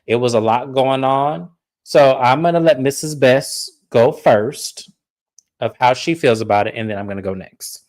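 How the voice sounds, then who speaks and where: A woman's voice: a bass voice, moderate pace, darkish tone. A woman hosting a podcast, casually recapping a reality show in a blunt, swearing storytelling way. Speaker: podcast host.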